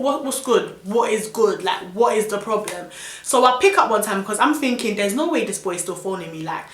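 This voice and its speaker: Young London woman, vlogger, bright and indignant storytelling, echoey room. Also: mid-range voice. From London, England. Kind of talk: storytime vlog.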